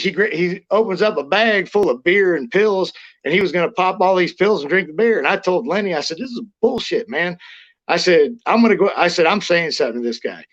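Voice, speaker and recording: A middle-aged man recounts old backstage stories in a casual interview, blunt and profane, often restarting his sentences. His voice sits a little high for a man. The recording sounds dull and lo-fi. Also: fairly bright tone. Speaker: interview guest, former wrestler. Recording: lo-fi muffled audio.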